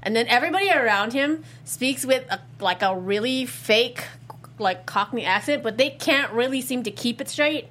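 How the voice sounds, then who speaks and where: A woman's voice: on the high side, animated, normal speed, fairly bright tone. A woman co-hosting a casual podcast chat, rambling with lots of fillers and restarts. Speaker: podcast co-host.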